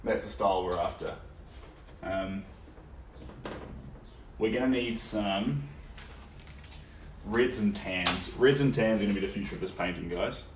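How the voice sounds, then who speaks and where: A man's voice: lowish voice, measured pace, long pauses. A young man with a New Zealand accent, chatting casually and answering viewers while painting during a live stream. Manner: relaxed and chatty, many ums, answers viewer comments. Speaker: artist livestreaming a painting session. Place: indoor art studio. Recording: roomy echo, distant from the mic, faint background noise.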